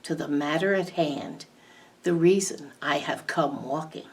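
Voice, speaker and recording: A woman voicing an ancient towering tree monster with a booming, declaiming voice, recorded from a distant mic. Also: lively intonation, slow, exaggerated voice. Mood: hushed. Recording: distant mic, faint background hiss.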